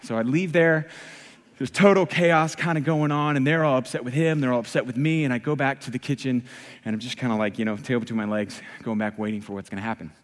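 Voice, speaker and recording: A man preaching to a live audience, telling a humorous personal story in an animated, self-mocking way. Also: medium pitch, quick pace. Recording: long reverb of a large hall.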